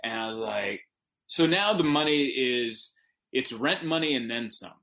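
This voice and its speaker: A male stand-up comedian, appearing as a podcast guest, tells a story in casual conversation, delivering it with animated emphasis and quick self-corrections. His voice sits in the mid range.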